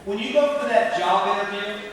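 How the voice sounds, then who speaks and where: A man giving a joking, energetic motivational speech at a school assembly, walking around the stage and putting on voices as he talks. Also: high voice, moderate pace, slight background noise. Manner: energetic, jokey, acts out voices, walks while speaking. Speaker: motivational speaker. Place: large school auditorium. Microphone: handheld or wireless mic, moving around stage. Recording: echoey hall, distant mic, faint ambience.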